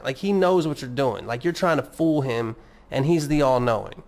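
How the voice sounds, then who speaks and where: A man's voice: medium pitch, fairly quick. A man hosting a casual solo podcast, rambling and swearing as he mocks himself. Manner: rambling, profane, self-mocking. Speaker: podcast host.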